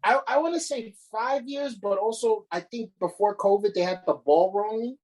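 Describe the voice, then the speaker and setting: A man's voice: sits high, normal speed, a little mellow, poor audio. A man co-hosting a casual podcast, ranting with frequent swearing and restarts. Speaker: podcast co-host.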